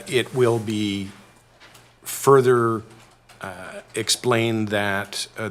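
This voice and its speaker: A man on staff explaining governance rules at a committee meeting, halting with many fillers and restarts. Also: fairly low pitch, a bit bright. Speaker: staff member presenting governance bylaw. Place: council chamber meeting.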